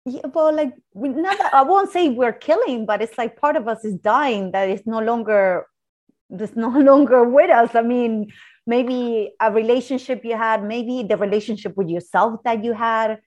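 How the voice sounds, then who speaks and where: A woman's voice: on the high side, moderate pace, darkish tone. A woman hosting a casual conversation who chats freely, laughs often and retells little stories with quoted dialogue. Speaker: host, coach with clients.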